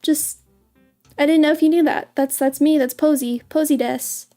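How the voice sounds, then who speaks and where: Bubbly high-voiced woman streamer. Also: steady tone, normal speed, mellow, faint music behind. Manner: bubbly and giggly, stumbles and repeats words. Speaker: VTuber streamer. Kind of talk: casual livestream chat.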